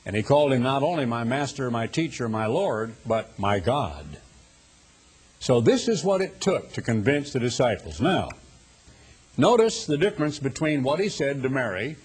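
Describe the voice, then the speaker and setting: An older man giving a sermon, speaking deliberately and slowing down to stress key words. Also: medium pitch, big pitch swings, darkish tone, slightly rough. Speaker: preacher.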